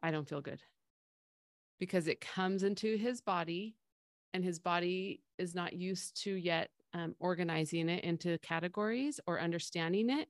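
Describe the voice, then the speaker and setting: Speaking at normal speed in a lowish voice, this middle-aged podcast co-host chats about feelings using everyday comparisons and performs the voices she quotes. The sound is clean studio audio with no echo.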